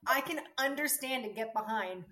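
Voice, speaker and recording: A young adult woman co-hosting a podcast, chatting casually with a friend in an animated, teasing, mock-outraged way. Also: high-pitched, moderate pace, crowd noise. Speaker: podcast co-host. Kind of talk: casual chat between friends.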